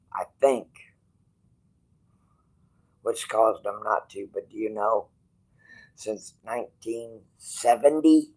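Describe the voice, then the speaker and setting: A man livestreaming from a hospital bed, rambling bluntly and with swearing, going from quiet musing to loud, stubborn outbursts. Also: lowish voice, creaky, husky, low-quality recording. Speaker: streamer.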